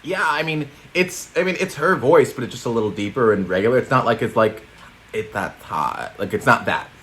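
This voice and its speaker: A man's voice: mid-range voice, lively intonation, a little fast, a bit bright. A man co-hosting a comedy news show, chatting casually in a rambling, jokey way and laughing often.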